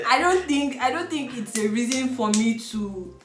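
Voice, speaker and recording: A woman from Nigeria with a Nigerian accent, chatting casually in a blunt, animated way and swearing freely. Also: on the high side, moderate pace, faint music behind. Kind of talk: casual chat. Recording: echoey room.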